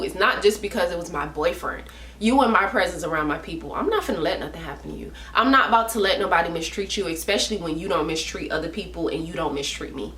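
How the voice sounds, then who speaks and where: A woman's voice: medium pitch, a bit bright, echoey room. A woman telling a personal story in a casual storytime vlog, talking emphatically with slang and repeating herself for stress. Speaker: vlogger.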